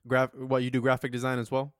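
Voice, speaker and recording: A man's voice: medium pitch, monotone, quick pace, dry recording, clean studio sound. A man hosting a casual podcast interview, chiming in encouragingly and repeating his words as he searches for them. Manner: encouraging, laughs along, repeats himself. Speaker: podcast host.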